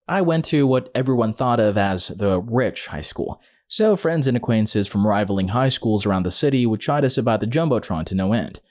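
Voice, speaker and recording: A man reads short stories aloud one after another, in a steady, scripted narrator's delivery. His voice sits at an ordinary middle pitch. When he quotes people in the stories, he keeps them in his own voice. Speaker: story narrator.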